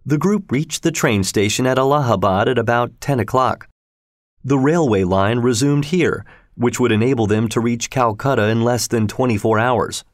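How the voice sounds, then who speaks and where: A male audiobook narrator reads a classic adventure tale at a steady, measured pace. His voice sits in a middle register and is recorded dry and close to the mic, with no room sound. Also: medium pitch, no room sound.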